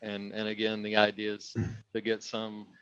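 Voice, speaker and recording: A man's voice: lowish voice, completely flat delivery, moderate pace, a bit bright, clean tone, no echo. A man organizing a photo workshop, thinking aloud in a casual group discussion with plenty of fillers and restarts. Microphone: video call. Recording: dull lo-fi video call audio.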